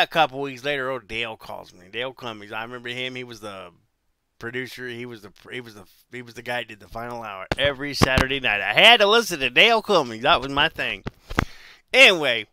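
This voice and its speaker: Brief: man, 40s, casual vlog storyteller, rambling and repetitive, smooth and very bright tone, dry close sound. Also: medium pitch, no room sound. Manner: rambling, repeats himself, restarts phrases. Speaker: vlogger telling life stories.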